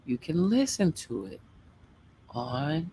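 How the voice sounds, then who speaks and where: Brief: casual stream host, a man with a drawn-out, slow delivery and a gravelly edge, rambling goodbyes to chat. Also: on the high side, big pitch swings, warm tone, slight background noise. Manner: rambling, loose sign-offs, talks to chat. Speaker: livestream guest and show host. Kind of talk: casual late-night livestream chat.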